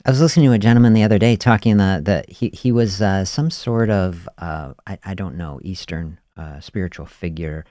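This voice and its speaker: Low-voiced guy hosting a podcast, thinking out loud, lots of "you know", "see", dry close sound. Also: no echo. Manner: musing, unhurried, peppers with "you know" and "see". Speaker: podcast host. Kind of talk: reflective spoken monologue.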